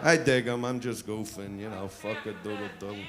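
A man's voice: lowish voice, fairly even intonation, moderate pace, hardly any pauses. A male stand-up comedian with a brash, crude, swaggering delivery on a comedy club stage. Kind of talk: live stand-up set. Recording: live club recording with crowd laughter.

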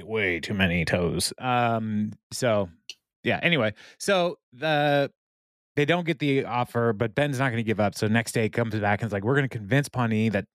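A young man with a lower voice chats casually, retelling scenes and breaking into frequent laughter. The sound is dry and close, with no room around it. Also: no echo. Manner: laughs often, retells scenes with quoted lines. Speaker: podcast co-host. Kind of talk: casual chat recapping a TV episode.

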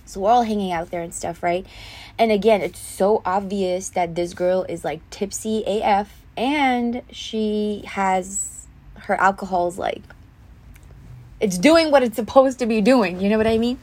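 A young woman hosts her own podcast and tells a story from her life. She sounds indignant and heated, with many fillers and restarts. Her voice sits at a middle pitch. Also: unhurried, darkish tone. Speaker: podcast host.

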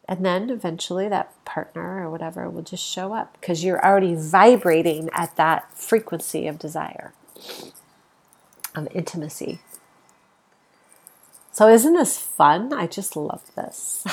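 A woman with a stuffy nose talks through a casual spiritual podcast from home, easygoing and enthusiastic, with soft laughs and fillers as a yoga teacher and host. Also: medium pitch, a little slow.

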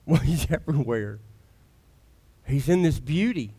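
A male pastor preaching a sermon in a conversational, emphatic style with dramatic pauses. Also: mid-range voice, expressive, dark tone, slightly rough.

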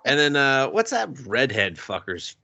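Guy on a podcast, swearing a lot, super animated up and down voice, doing goofy mocking character voices. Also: medium pitch, a little slow. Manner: crude, profane, acts out characters in mocking voices. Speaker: podcast co-host. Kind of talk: casual anime recap chat.

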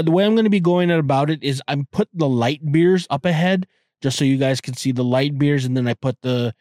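A man's voice: fairly high pitch, darkish tone, no echo, clean studio sound. A man hosting a podcast, chatting casually in a rambling, profane way with many stammered restarts. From Canada. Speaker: podcast host. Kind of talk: casual chat.

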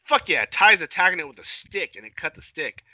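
A man's voice: sits high, very animated, a little fast, bright, forceful tone, no echo. A man in casual podcast chat, recapping a cartoon episode in a profane, rambling way full of filler sounds. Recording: dull lo-fi recording.

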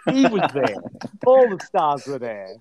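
An Australian man, a guest on a podcast, telling stories in casual chat with lively jokes and acted-out lines. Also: fairly high pitch, a little slow, crowd noise. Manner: lively, joking, acts out dialogue. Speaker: podcast guest, wrestling promoter.

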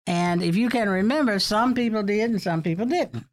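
A woman's voice: medium pitch, normal speed. An older woman in an oral history interview, recalling colleagues as a chatty storyteller who laughs often.

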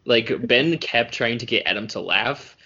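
A man's voice: medium pitch, a little slow, pushed and bright, lo-fi sound. A man co-hosting a podcast in casual chat, talking loosely with lots of fillers and frequent laughter. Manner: laughs often, chatty with many fillers. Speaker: podcast co-host.

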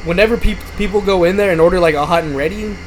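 Fast, lively man on a noisy recording. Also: high-pitched. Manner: animated, profane storyteller. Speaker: podcast guest, pizza shop worker. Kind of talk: casual chat. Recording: noisy background.

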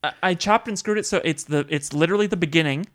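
A teasing podcast co-host in casual chat who laughs often. The voice sits in a middle pitch and talks at an even, ordinary pace. Nothing stands out about the recording. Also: fast.

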